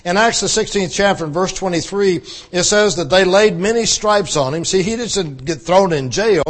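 A male pastor preaching a conversational sermon, repeating phrases for emphasis. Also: sits high.

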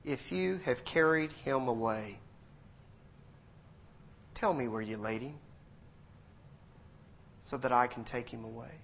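A man voicing Mary Magdalene as a grieving woman, pleading in a soft, tearful way within a sermon. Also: mid-range voice, takes it slowly, vocal fry, pauses often, slight background noise.

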